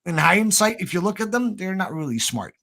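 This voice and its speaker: Gravelly-voiced man rambling in casual chat. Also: high voice, sing-song, sharp tone. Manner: rambling, halting with many fillers. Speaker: panel guest.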